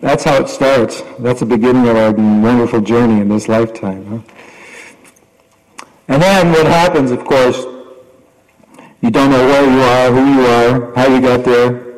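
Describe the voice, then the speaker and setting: A man's voice: mid-range voice, steady tone, a little slow, long pauses. A man giving a reflective sermon, reciting Sanskrit verses and explaining them. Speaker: spiritual teacher. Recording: long hall reverb.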